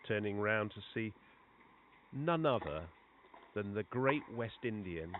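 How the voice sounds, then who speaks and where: A man giving chatty live commentary on a cricket match. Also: on the low side. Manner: conversational, chatty between balls, rising excitement on big shots. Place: outdoor cricket ground. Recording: tinny phone-like line with clear background noise.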